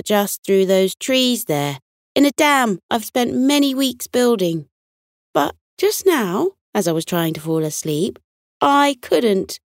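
A woman voicing a gentle, polite male beaver in a bedtime storybook, earnest and softly pleading. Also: a little high, no room sound, studio quality, pitched above the performer's own voice, heavily acted.

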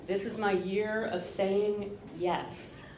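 A woman's voice: mid-range voice, fairly even intonation, takes it slowly, a little mellow. A woman telling a candid, profane personal story on stage, laughing often. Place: stage under bright lights. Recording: echoey live venue with ambient noise.

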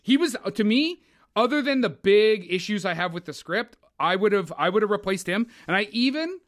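A man co-hosting a film podcast, opinionated and animated, swearing and mocking actors in casual chat. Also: sits high, normal speed. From Canada. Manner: opinionated, animated, swears, mocks with put-on voices. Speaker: podcast co-host.

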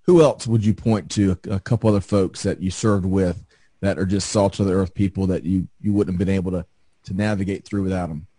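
A male interviewer with a low, mellow voice responds with sympathy and short acknowledgements. His voice is recorded dry and close, with no room sound. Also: steady tone, a little fast, dry recording.

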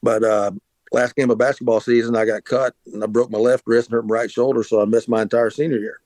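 A man's voice: medium pitch, little pitch movement, quick pace, a little mellow, no room sound, rough recording. A middle-aged man, telling a long rambling story about his past as an interview guest, with many restarts and fillers. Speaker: interview guest, former pitcher. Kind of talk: casual storytelling.

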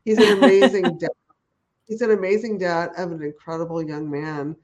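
In a dull lo-fi recording, a female interview guest who works with horses chats with enthusiasm, her talk rambling and full of restarts and fillers. Her pitch is fairly low, her tone steady and a little mellow, and she speaks fairly quickly.

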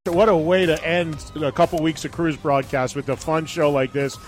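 Energetic male radio host, live on a cruise, a touch high-pitched, curious questions. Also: normal speed, a little hiss or hum. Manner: upbeat, inquisitive questioner. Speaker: radio talk show host. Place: live event room on a cruise ship.

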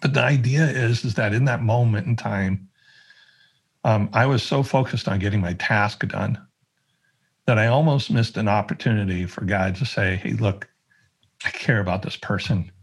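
Low husky-voiced man telling a story. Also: normal speed. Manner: earnest, acts out quoted voices. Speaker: podcast guest. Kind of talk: conversational storytelling.

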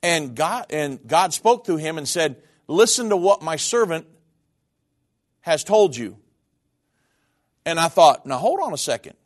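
A man's voice: on the high side, sing-song, unhurried, pauses often. A middle-aged man, a minister, giving a personal testimony in a sermon, speaking in an earnest, candid, conversational way.

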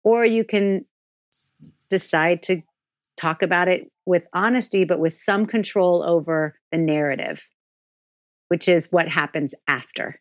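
A frank woman guest in a candid podcast interview, lower-pitched than most women and speaking in an animated way that is quick to swear. The sound is dry, with no room echo.

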